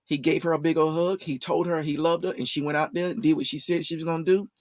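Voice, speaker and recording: A man's voice: a little high, fairly even intonation, fast, dry recording. A man co-hosting a casual talk show, retelling stories at length and acting out the quoted dialogue. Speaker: co-host. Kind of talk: casual podcast chat.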